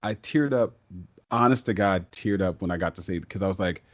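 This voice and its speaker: A man with a lowish voice tells stories as a podcast guest. He is talkative and excitable, with quick bursts and frequent restarts. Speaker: guest, stage and voice actor. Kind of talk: casual podcast interview storytelling.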